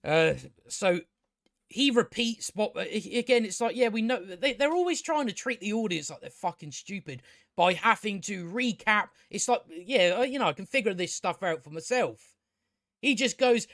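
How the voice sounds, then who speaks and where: Exasperated, high-voiced man ranting. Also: lively intonation, normal speed, a bit bright, no echo, clean studio sound. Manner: exasperated, sarcastic, swears often, stammers on restarts. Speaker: TV review host. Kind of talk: casual ranting review.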